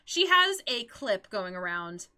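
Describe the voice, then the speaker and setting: A woman streams live, gushing about her favorite characters in an excitable, giggly, rambling way and often breaking into squeals. Her voice is medium-pitched, clear and resonant, and her pace is measured.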